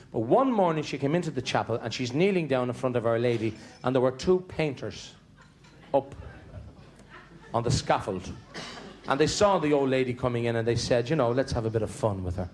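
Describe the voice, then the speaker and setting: A man with an Irish accent doing stand-up, telling chatty, rambling family stories with comic restarts. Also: mid-range voice. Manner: chatty, digressive, stumbling restarts for comic timing. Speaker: stand-up comedian. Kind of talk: stand-up storytelling.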